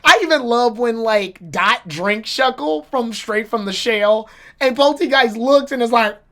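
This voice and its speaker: A woman's voice: a little high, unhurried, bright, forceful tone. A woman giving a casual, rambling and opinionated episode review with swearing and restarts. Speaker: anime reviewer.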